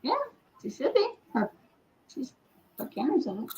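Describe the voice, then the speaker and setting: A woman's voice: high-pitched, very animated, mellow, slight background noise. A woman chatting casually, rambling and correcting herself as she talks. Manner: rambling, halting, self-correcting. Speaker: livestream participant. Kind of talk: casual chat. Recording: dull lo-fi audio.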